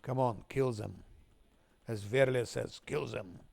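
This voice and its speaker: Guy streaming a game, slow and gravelly, swearing a lot under his breath. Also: medium pitch, a little mellow, dry recording. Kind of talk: live gameplay commentary.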